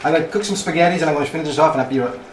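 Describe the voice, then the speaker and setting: A man's voice: on the high side, rapid-fire, noisy background. A man from Naples with an Italian accent, casually demonstrating a home cooking recipe and chatting as he works. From Naples, Italy. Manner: chatty, loose, cheerful asides. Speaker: home cooking show host. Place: home kitchen. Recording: roomy kitchen, mic far off, loud music.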